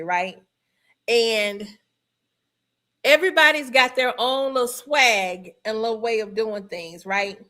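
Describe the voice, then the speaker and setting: A woman's voice: a little high, pushed and bright. A woman from Georgia with a Southern accent, hosting a casual livestream, chatty and laughing often as she answers viewer comments. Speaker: livestream host.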